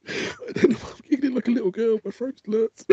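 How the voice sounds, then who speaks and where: A man's voice: very high voice, warm tone, slightly rough, no room sound. A man co-hosting a casual comedy podcast, ranting and swearing with frequent giggles. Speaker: co-host. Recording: dull lo-fi, dry sound.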